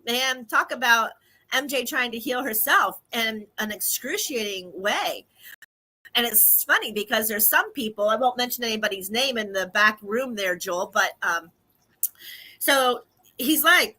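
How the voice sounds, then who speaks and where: A woman hosts a casual radio podcast, chatting and laughing often as she greets listeners. Her voice sits somewhat high and rings bright and forceful. She talks freely and warmly to her audience. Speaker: podcast host. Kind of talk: casual talk show monologue.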